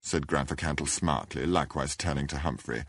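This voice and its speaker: A man narrating a classic novel in a measured, deliberate and understated way. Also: rumbling low, a bit bright, no room sound, clean studio sound. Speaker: audiobook narrator.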